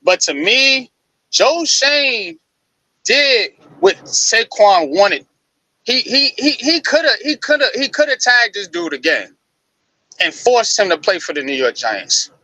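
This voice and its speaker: A man on a live sports talk show, explaining football news in a loose, animated way. His voice sits a little high and sounds bright and clear. The sound is dry and close, with no room echo. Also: slow. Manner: casual, animated retelling with frequent restarts.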